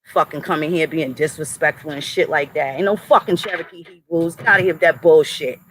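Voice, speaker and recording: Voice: mid-range voice, a little fast, fairly bright tone, poor audio. An adult livestream host ranting angrily at the chat and moderators, with heavy profanity and threats. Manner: addresses chat and moderators directly. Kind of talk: angry livestream rant to chat.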